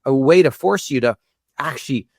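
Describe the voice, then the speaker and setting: A man speaking as a guest in a conversational interview, earnest and prone to repeating words as he thinks, with a gravelly voice. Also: medium pitch, moderate pace, no room sound, studio quality. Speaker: guest, institute executive director.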